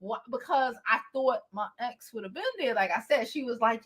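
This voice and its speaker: A woman vlogger chats through a story in a casual storytime style, her voice pitched high. She is animated and swears freely, and laughter keeps slipping into her telling. Her tone is sharp and bright. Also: normal speed. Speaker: beauty vlogger.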